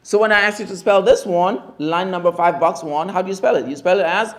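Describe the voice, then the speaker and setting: A man teaching Arabic letters in a mosque class, slowly drilling each sound and repeating the spelling emphatically. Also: sits high. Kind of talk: classroom lesson.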